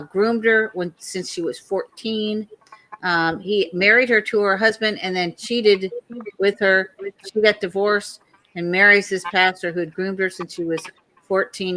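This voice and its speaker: A woman's voice: lowish voice, low-quality recording. A woman hosting a casual online talk show, chatty and storytelling, acting out the people in her stories. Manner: chatty, storytelling, quotes others in lively voices.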